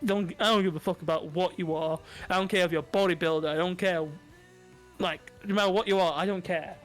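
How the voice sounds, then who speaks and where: A man's voice: sits high, fairly even intonation, brisk, faint music behind. A man, co-hosting a casual podcast chat, brash and profane, laughing often. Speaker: podcast co-host.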